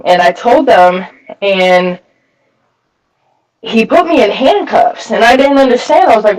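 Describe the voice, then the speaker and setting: A man's voice: high voice, animated, a little slow, long pauses. A man giving candid personal testimony at a recovery meeting, telling his story bluntly with lots of swearing and filler words, his voice a bit far from the mic. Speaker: speaker sharing a recovery story.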